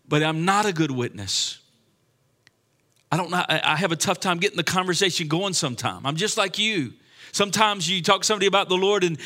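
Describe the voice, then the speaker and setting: A man's voice: fairly high pitch, brisk, bright, forceful tone. A man preaching a sermon with impassioned delivery and frequent restarts. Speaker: pastor.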